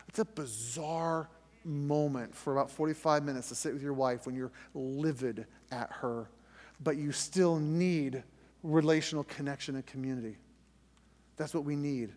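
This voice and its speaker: A man's voice: medium pitch, moderate pace, a little mellow. Man telling a story in a reverberant room. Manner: conversational storytelling with restarts, rising tension when reliving the scare. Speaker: podcast host. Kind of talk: personal story in a faith podcast.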